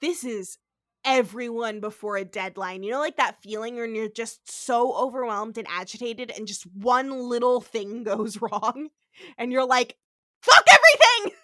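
A woman's voice: fairly high pitch, measured pace, dry recording, clean studio sound. A woman co-hosting a podcast in casual chat, talking in a chatty way, swearing freely and acting out quotes. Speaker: podcast co-host.

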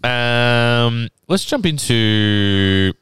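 Laid-back man, lively pitch. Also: drawn-out words, clear, resonant tone, dry recording, clean studio sound. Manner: rambling, laughing, swearing often. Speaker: podcast host. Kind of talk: casual chat.

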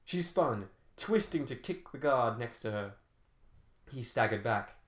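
A man's voice: medium pitch, lively intonation, measured pace, fairly bright tone. A man narrating an action novel as an audiobook, telling fight scenes dramatically with shifting pace. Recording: roomy echo.

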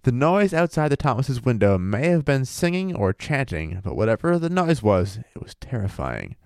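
In a dry, studio-quality recording, a mid-range male voice with a sing-song lilt and a darkish tone speaks at normal speed. He's a podcast co-host reading a paranormal tale aloud between bits of loose, profane joking, relaxed and quick to laugh.

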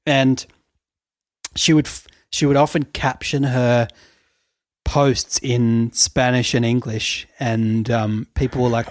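A man's voice: mid-range voice, level tone, takes it slowly, dry recording, studio quality. A man co-hosting a podcast, telling a story in casual chat, full of fillers and laughter. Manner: chatty storytelling, laughs often, many fillers. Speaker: podcast co-host.

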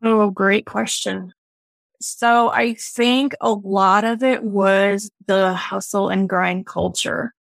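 A woman's voice: mid-range voice, fairly even intonation, slow pace, gravelly, no room sound. A woman guest on a podcast, talking in a reflective, earnest way about her own experience. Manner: reflective, earnest, speaks in lists. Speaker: podcast guest, business owner. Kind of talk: casual interview talk.

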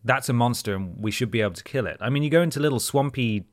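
A man's voice: medium pitch, quick pace, no echo, clean studio sound. A man co-hosting a podcast, telling stories in casual chat with some rambling and hesitation. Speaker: podcast co-host.

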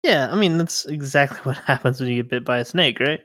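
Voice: medium pitch, fast, a bit bright. A podcast co-host reacting with wry remarks and laughter in casual comic chat.

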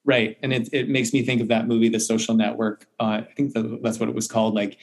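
A man's voice: mid-range voice, flat delivery, fast talker. A man hosting a podcast conversation, offering brief agreement and hesitant opinions. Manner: brief backchannels, hesitant when sharing views. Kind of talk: casual interview talk.

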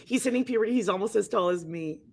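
A woman's voice: medium pitch, fast talker. A woman co-hosting a podcast, chatting casually and making sarcastic, mocking remarks. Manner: sarcastic, reads aloud mockingly. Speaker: podcast co-host. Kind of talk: casual chat.

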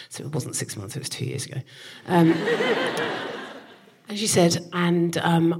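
A woman in her forties, a comedian co-host, telling comic stories on a live stage, animated and swearing. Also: fairly low pitch, moderate pace, breathy edge. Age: 40s. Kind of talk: comic storytelling.

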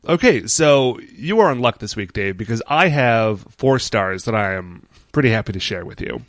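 Deadpan man co-hosting a podcast. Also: lowish voice, moderate pace, no echo, studio quality. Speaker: podcast co-host. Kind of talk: casual chat.

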